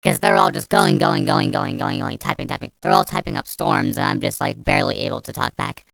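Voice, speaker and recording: A woman's voice: sits low, fairly quick, gravelly, smooth, no echo. A young woman telling a story as a vlogger, ranting angrily and swearing a lot, rambling with restarts. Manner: angry, profane, rambling with restarts. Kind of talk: storytime rant.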